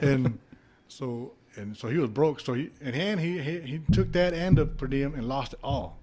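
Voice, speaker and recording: A man's mid-range voice moves briskly, with hardly any pauses, as he tells casual stories as a podcast guest. He used to box at heavyweight, and his lively anecdotes are full of cursing and laughter.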